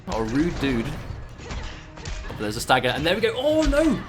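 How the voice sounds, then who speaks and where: A man's voice: a little high, huge pitch swings, moderate pace, soft background music. A man co-commentating a fighting game match, analytical with dry jokes. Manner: analytical, wry jokes about players' choices. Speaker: esports co-commentator.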